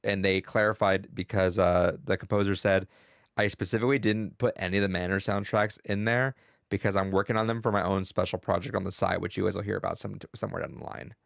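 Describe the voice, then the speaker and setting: A young man co-hosting a podcast, talking about a video game in a rambling, excitable, profane way. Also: low voice, fast, gravelly, dry recording, studio quality. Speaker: podcast co-host. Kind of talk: casual gaming chat.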